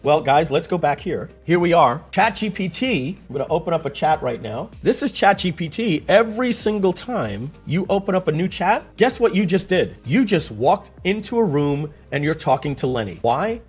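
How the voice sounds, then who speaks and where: A man's voice: a little high, normal speed, hardly any pauses, breathy edge, soft background music. A man giving a casual screen-share explanation, telling stories and asking rhetorical questions as he goes. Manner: animated, storytelling, rhetorical questions. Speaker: tech explainer.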